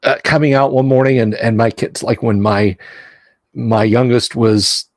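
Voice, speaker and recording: A man's voice: medium pitch, steady tone, unhurried, no room sound. A middle-aged man hosting a casual live stream, rambling with many fillers and restarts. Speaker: stream host.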